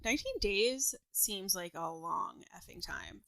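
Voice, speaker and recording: A young adult woman co-hosting a podcast, reacting with quick casual asides and swearing. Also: mid-range voice, lively intonation, vocal fry, a bit bright, no echo. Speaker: podcast co-host listening. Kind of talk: casual chat.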